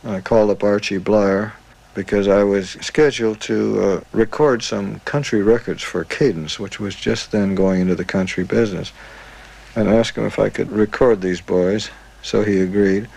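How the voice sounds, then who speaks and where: A man with a low, gravelly voice in an archive interview, remembering his work in the music business. He talks in a relaxed way, stopping for fillers as he goes. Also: rough recording. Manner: relaxed recollection with filler pauses.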